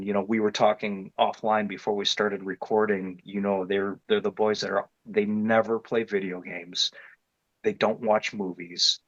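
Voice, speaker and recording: A man's voice: on the low side, no room sound. Rambling man with a dull, dry sound. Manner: rambling, with many restarts and fillers; grows more animated and louder as the story builds. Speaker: interview guest telling his experience. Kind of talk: casual storytelling.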